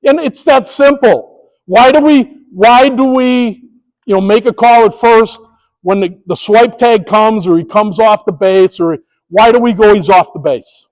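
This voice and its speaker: High-voiced man telling umpire stories. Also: a little slow, darkish tone, poor audio. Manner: storytelling, acts out coaches and umpire calls. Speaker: presenter. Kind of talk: presentation to sports officials.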